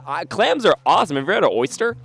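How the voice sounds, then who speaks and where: A man's voice: sits high, big pitch swings, rapid-fire, vocal fry, fairly bright tone, faint music behind. A man interviewing a young child outdoors in the snow, asking playful, teasing questions and reacting with exaggerated surprise.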